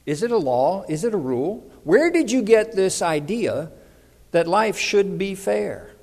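A middle-aged male pastor delivers a conversational sermon. His voice sits high for a man, and he keeps turning to the congregation with questions. The sound carries a long reverb from the hall. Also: very animated, unhurried, vocal fry, a little mellow.

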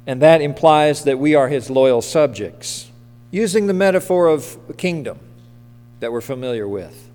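An animated male pastor with a mid-range, slightly mellow voice preaches at normal speed. His sermon is conversational and full of questions to the congregation, echoing with the long reverb of the church sanctuary.

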